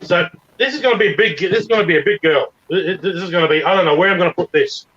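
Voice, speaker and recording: A high-pitched man rambles eagerly over a video call, tripping over restarts as he goes. The audio is dull and lo-fi, as if squeezed through a cheap connection. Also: fast, fairly bright tone, husky. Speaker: regular panelist. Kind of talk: casual chat on a video call.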